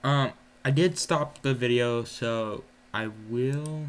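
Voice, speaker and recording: A man's voice: medium pitch, takes it slowly, clear, resonant tone. A man hosting a reaction video, talking in a hesitant, casual way with lots of ums.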